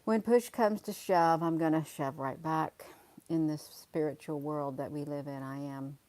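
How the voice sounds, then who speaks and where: A woman's voice: low-pitched, a little slow, darkish tone, no room sound. A woman, hosting a casual livestream and talking emphatically and repetitively to viewers, calling them honey. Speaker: livestream host.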